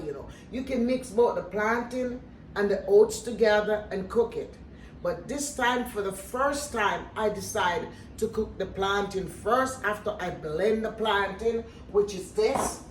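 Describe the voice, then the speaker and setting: A woman's voice: medium pitch, slight background noise. An older woman hosting a home cooking video, talking earnestly and directly to her viewers. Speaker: cooking vlogger. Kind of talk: casual home cooking talk. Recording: echoey room, voice a little distant from the mic.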